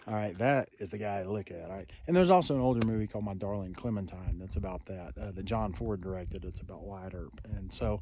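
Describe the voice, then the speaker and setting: A man's voice: on the low side, fast talker, few pauses, warm tone, slight background noise. A middle-aged man, talking in a friendly, rambling, folksy way in a casual vlog while outdoors on a canyon hiking trail. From Texas. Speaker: vlogger.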